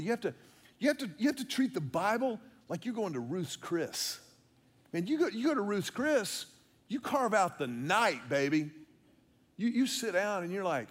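High-voiced man preaching. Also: big pitch swings, moderate pace, husky. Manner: conversational, playful asides, repeats words for emphasis. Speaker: pastor. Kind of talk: sermon.

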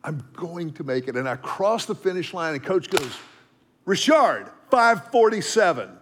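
A middle-aged man from Texas telling a story in a devotional talk, dropping to a hush for asides. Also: on the high side, normal speed, a little hiss or hum. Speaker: speaker.

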